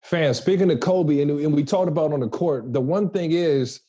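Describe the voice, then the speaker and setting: A man's voice: fairly high pitch, normal speed, mellow. A man co-hosting a podcast, asking playful questions full of slang in casual chat. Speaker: podcast co-host. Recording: dull lo-fi sound.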